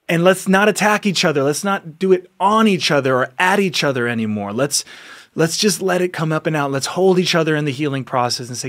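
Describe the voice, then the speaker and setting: A man's voice: a little high, lively intonation, fairly quick, a bit bright. A man hosting a podcast, giving an earnest, exhorting motivational monologue, often repeating himself and laughing between lines. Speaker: podcast host.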